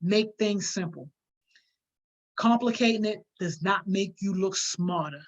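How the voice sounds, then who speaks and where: A woman's voice: medium pitch, a little slow. Emphatic, slangy woman coaching public speaking. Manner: conversational, emphatic, uses slang freely. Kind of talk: live-streamed workshop, reading viewer comments. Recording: dull lo-fi stream audio.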